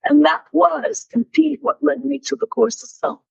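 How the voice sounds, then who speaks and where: A woman's voice: sits high, moderate pace, gravelly, no room sound. An older woman telling stories in a Q&A talk, acting out the voices of people in her anecdotes. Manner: animated, acts out dialogue in stories. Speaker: guest speaker. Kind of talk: storytelling talk with Q&A. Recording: dull, lo-fi dry recording.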